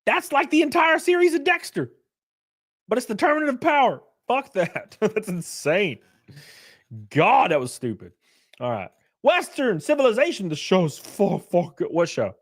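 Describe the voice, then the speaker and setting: A man in his thirties hosting a livestream, ranting loudly and profanely in casual chat, laughing between rants. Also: sits high, big pitch swings, moderate pace. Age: 30s. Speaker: livestream host.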